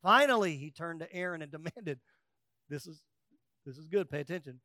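A male pastor preaching a sermon, rising to loud emphatic peaks and dropping to quiet asides, acting out quoted voices with humor. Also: fairly high pitch, expressive, fairly quick, no room sound, studio quality.

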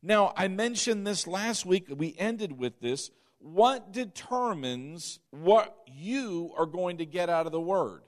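Guy preaching a sermon, fairly high voice, quizzes the crowd, gets loud on the big points. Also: expressive, slow pace, few pauses. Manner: call-and-response questions to the congregation; builds from low and soft to loud and emphatic. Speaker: pastor.

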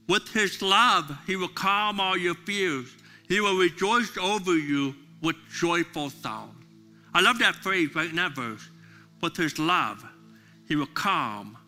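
Bright-voiced preaching man. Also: fairly high pitch. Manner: impassioned preaching, drops to soft prayerful tones. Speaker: pastor. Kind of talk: sermon.

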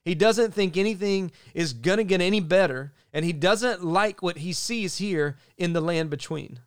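Earnest male pastor with a smooth voice. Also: sits high, normal speed, no echo, clean studio sound. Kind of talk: sermon.

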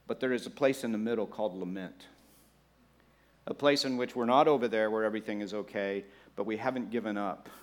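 Guy preaching a sermon, chatty with the crowd, does little voices of church folks, laughs along. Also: mid-range voice. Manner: animated, acts out voices of churchgoers; conversational with the congregation, laughs along. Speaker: pastor.

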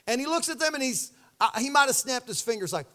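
A pastor preaching a sermon, telling the story with animated energy and acting out the voices. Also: male voice, very high voice, fast.

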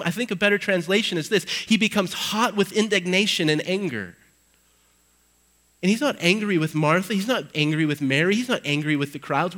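A man with a fairly high voice preaches an Easter sermon in a church. His delivery swings from forceful, ringing emphasis down to quiet, low-key stretches, and he reads scripture aloud with dramatic weight. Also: poor audio. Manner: dynamic preaching, swinging from loud emphasis to hushed low passages. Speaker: pastor.

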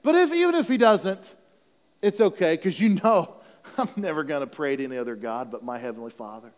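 A man voicing a devout male prophet speaking calmly and earnestly, in a high voice with long hall reverb. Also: a little fast, lightly acted. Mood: resolute.

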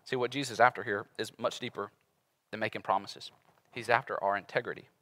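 A man in his thirties preaching a conversational sermon as a pastor, animated and acting out everyday voices. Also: on the low side, fast. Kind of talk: casual sermon.

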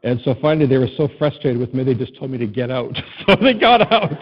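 A middle-aged male pastor preaching a sermon, telling personal stories with self-deprecating laughs and swinging between loud emphasis and soft, tender passages. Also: mid-range voice, big pitch swings, a little fast, husky, lo-fi sound.

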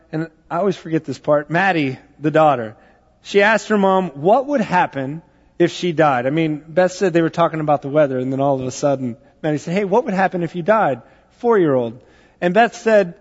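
A man giving a sermon as a pastor, talking in a conversational storytelling way with frequent fillers. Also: high voice. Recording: dull sound with long hall reverb.

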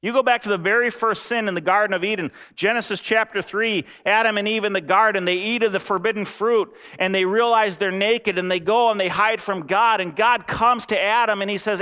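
A man's voice: high voice, normal speed, hardly any pauses. Emphatic man preaching a sermon. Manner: animated, emphatic preaching with repeated phrases. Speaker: pastor.

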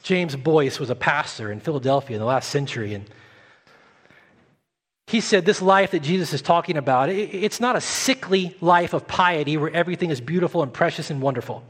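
A man delivers a sermon with an earnest, pleading tone, his voice sitting high for a man. He often slows down and drops to a softer, quieter delivery to press a point home. The sound carries a long reverb, as if filling a church sanctuary. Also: slightly rough. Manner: earnest preaching, slowing and softening for emphasis. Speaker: pastor.

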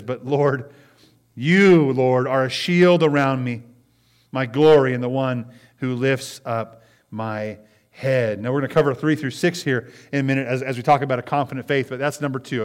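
A pastor preaching a sermon, reading scripture slowly and repeating key phrases, often asking the congregation "Amen?". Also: male voice, fairly high pitch.

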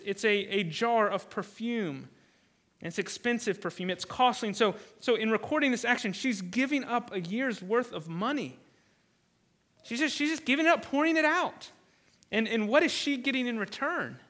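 A man's voice: high voice, bright, forceful tone. A man preaching a sermon as pastor, earnest, often repeating words and briefly acting out the voices he quotes.

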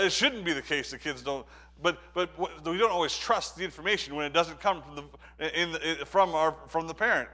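A man preaching a sermon, often repeating and restarting words as his delivery swings from quiet reflection to urgent, rising exhortation. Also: on the high side. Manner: stammering restarts.

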